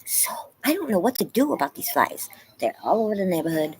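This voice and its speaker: A woman's voice: medium pitch, sing-song, brisk, a little mellow, a little hiss or hum, poor audio. A woman hosting a casual live stream, chatting with viewers and reading the chat aloud, laughing often. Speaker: livestream host. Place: home, yard.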